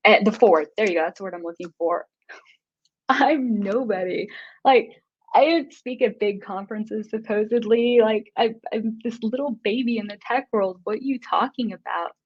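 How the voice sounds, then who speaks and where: A woman's voice: mid-range voice, husky. Earnest woman giving a heartfelt tech talk. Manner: earnest and emotional, quick bursts. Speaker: conference speaker. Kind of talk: motivational conference talk. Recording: dull lo-fi recording.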